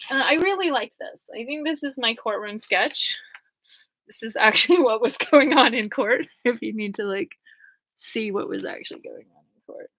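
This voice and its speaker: A woman's voice: a little high, animated, normal speed, pushed and bright, no echo, poor audio. A woman rambling casually over her court papers, chatty, laughing often and full of "like" fillers. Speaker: vlogger going through court papers.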